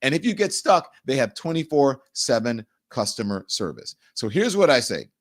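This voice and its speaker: A man's voice: very animated, normal speed. A middle-aged man hosting a talk show, chatting loosely and repeating words as he goes. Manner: chatty, repeats words, swings from sponsor pitch to heated rant. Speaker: show host. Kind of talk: casual talk show monologue.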